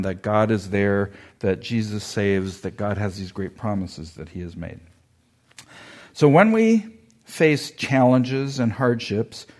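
A man teaching a Bible passage in a conversational sermon, thoughtful and often restarting his sentences. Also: fairly low pitch. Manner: animated when retelling the story. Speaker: preacher.

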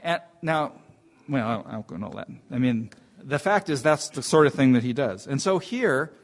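A man's voice: mid-range voice, lively intonation, normal speed. Man teaching scripture, thinking aloud. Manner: informal, thinking aloud with frequent restarts. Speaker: Bible teacher. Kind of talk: conversational Bible teaching.

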